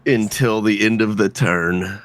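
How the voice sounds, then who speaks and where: Slow, low-voiced male player. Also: fairly even intonation, background noise. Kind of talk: casual tabletop game play.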